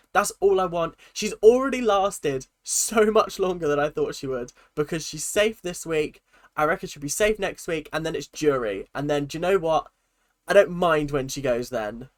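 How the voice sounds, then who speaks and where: A man giving a casual, opinionated recap of a reality show, talking in an animated, rambling way. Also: on the high side, no room sound. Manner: chatty, animated, opinionated, with frequent restarts.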